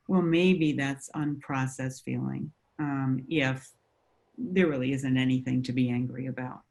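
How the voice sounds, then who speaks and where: A woman counselor talking through coping ideas in a conversation. She explains in a measured way, with frequent fillers. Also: very deep voice, steady tone, creaky, darkish tone. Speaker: mental health counselor.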